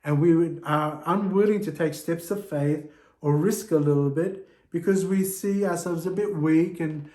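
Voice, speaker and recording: A man's voice: a little high, moderate pace, mellow. A man preaching a sermon in a church, earnest and exhorting his listeners. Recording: echoey church room.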